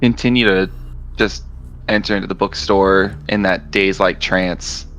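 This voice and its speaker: Deep-voiced, low-key tabletop player. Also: male voice, fairly even intonation, moderate pace, a bit bright. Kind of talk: playing a tabletop game.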